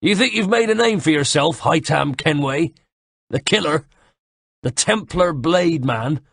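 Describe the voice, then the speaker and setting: A male audiobook reader voicing a gruff, sneering middle-aged soldier-fixer with a West Country accent. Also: a little high, expressive, measured pace, fairly bright tone, dry recording, clean studio sound, voice pushed up, exaggerated voice. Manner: sneering, taunting. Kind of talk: audiobook character voice.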